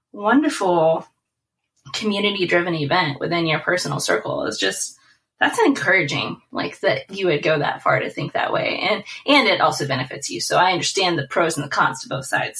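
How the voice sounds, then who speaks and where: An enthusiastic woman guest with a slightly low but bright voice. She talks in a casual, effusive way, peppering her sentences with fillers. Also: poor audio. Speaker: guest, small business owner. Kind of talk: casual chat.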